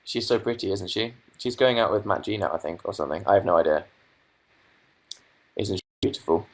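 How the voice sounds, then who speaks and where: A man's voice: deep voice, a little fast. A young man from England hosting a casual livestream from his bedroom, reading out viewer comments and answering them with dry, sarcastic asides. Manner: reads chat aloud, dry sarcastic asides. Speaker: livestream host.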